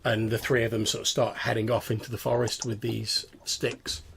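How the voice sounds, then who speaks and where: A man's voice: fairly low pitch, monotone, normal speed, creaky, fairly bright tone, slight background noise. A man narrating a tabletop game as game master in a rambling, casual way.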